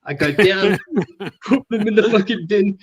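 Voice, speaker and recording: Australian man, fairly high voice, casual storyteller, crude, animated. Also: a little slow, low-quality recording.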